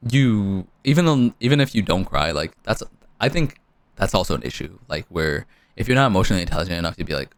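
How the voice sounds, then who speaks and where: A young man co-hosting a podcast in casual chat, animated and swearing freely. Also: low voice, quick pace, dry recording. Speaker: podcast co-host.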